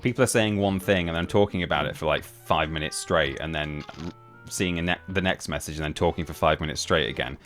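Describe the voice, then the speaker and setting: A young streamer chats with viewers while he games, speaking low and fairly quickly in a chatty, rambling way, often breaking off and restarting sentences. Gentle game music plays quietly underneath this casual live-stream talk.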